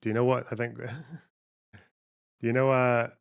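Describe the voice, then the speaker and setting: A man's voice: medium pitch, monotone, moderate pace, creaky, smooth, no room sound. A young male streamer hosts a live stream in a casual, blunt manner. He swears freely and laughs often. His voice sounds close and dry, with little room sound. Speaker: streamer host.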